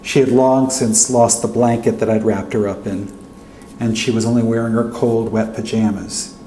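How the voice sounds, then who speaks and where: A male author narrating his own fiction aloud in a steady first-person voice at a college reading. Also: lowish voice, normal speed. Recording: echoey hall with faint hum.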